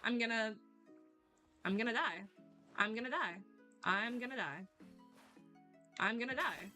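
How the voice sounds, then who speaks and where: A woman's voice: on the high side, expressive, unhurried, bright, forceful tone. A woman streaming a video game, rambling and swearing casually, laughing and talking back to her chat. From United States. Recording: game music under the voice.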